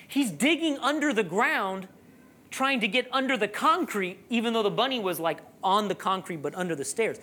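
Animated preacher telling a story. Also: medium pitch, moderate pace, slight background noise. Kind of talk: sermon with personal story.

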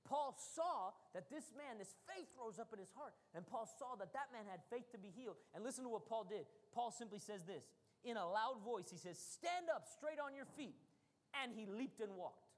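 A woman preaching a sermon, telling stories with animated, emphatic bursts. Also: on the high side. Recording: long hall reverb.

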